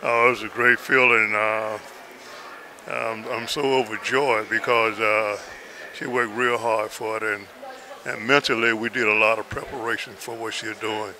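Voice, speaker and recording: A man who is a swim coach, answering interview questions at an airport in a plain, halting way with many pauses. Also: on the low side, flat delivery, bright, forceful tone. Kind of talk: casual interview. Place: airport arrivals area.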